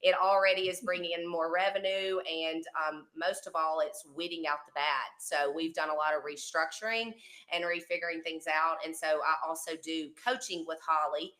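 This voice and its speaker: A woman's voice: low-pitched, steady tone, normal speed. A woman from Mississippi with a Southern accent, a cleaning company owner chatting casually as a guest on a video call. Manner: chatty, warm storytelling with fillers. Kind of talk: casual panel chat.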